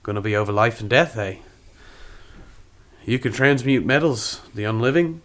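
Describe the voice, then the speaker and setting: A man doing a mellow koala alchemist with a folksy, put-on Australian drawl, a calm, unhurried hermit in a tabletop game. His voice sits in an ordinary middle pitch and he talks in easy, plain sentences. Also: natural voice. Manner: laid-back, folksy, breaks off to laugh. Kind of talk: tabletop role-play.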